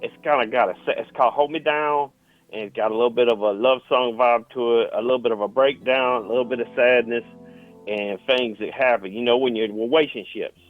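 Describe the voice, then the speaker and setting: A man's voice: medium pitch, brisk, faint music behind, close to an everyday voice. A man playing a boastful rock musician who calls in, rambling and stammering. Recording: tinny phone line.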